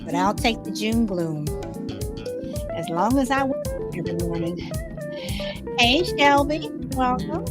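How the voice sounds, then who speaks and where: A woman's voice: a little high, very animated, measured pace, long pauses, loud music behind the voice. A woman hosting a casual live chat with viewers, greeting them by name, laughing often and restarting her sentences with many fillers. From Southern California. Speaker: livestream host.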